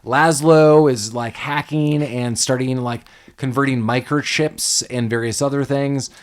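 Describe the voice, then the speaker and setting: A man's voice: mid-range voice, a little slow. A man hosting a podcast, recapping a movie in casual chat and acting out the characters. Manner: animated, swears, acts out characters with laughs. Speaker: podcast host.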